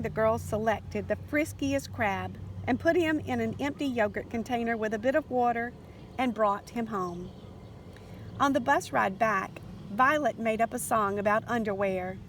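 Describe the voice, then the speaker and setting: A woman reading a children's picture book aloud in a lively, expressive way. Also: a little high, a little hiss or hum. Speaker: storybook reader.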